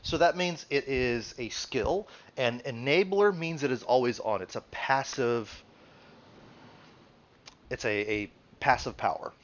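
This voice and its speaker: A man's voice: mid-range voice, animated, measured pace, highs cut off. A man acting as game master, explaining tabletop rules in a rambling, casual way. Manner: rambling, many restarts and fillers, laughs often.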